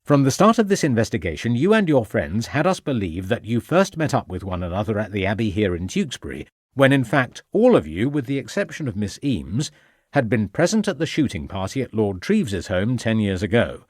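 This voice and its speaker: A man's voice: on the low side, very animated, a little fast, no echo, studio quality. A man playing a firm, probing inspector. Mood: pressing. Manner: firm, pressing, commanding. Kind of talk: audiobook character voice.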